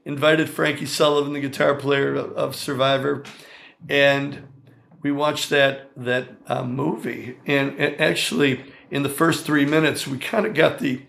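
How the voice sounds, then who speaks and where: Gravelly older man telling stories. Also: medium pitch, a little slow. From Chicago area, USA. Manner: animated, chatty, full of asides. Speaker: songwriter and guitarist, guest. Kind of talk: storytelling interview.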